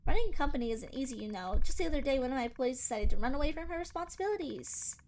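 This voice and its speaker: A woman reading out the lines of a wealthy boss customer in a game, in a brisk, self-important rant. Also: high-pitched, lively intonation, a little mellow, a little hiss or hum. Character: wealthy boss customer venting about work.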